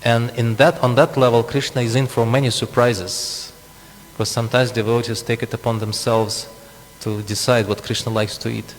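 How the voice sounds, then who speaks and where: A man's voice: medium pitch, level tone, moderate pace. A man preaching a scripture class, explaining with asides and frequent chuckles. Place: temple hall. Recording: long reverb, faint hum.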